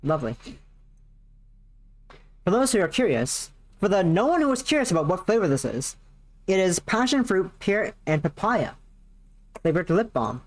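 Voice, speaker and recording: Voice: medium pitch, sing-song, moderate pace, long pauses. A streamer talking off the cuff at home, seated at a laptop, rambling and self-mocking with swearing sprinkled through. The talk wanders from thought to thought between bits of play. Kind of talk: casual livestream chat while playing.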